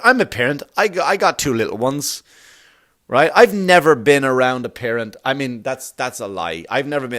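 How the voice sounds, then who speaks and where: A middle-aged man, a comedian hosting his podcast, rambling through a comic monologue full of swearing and quick put-on voices. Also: medium pitch. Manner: swearing, animated, jumps into quick voices for bits.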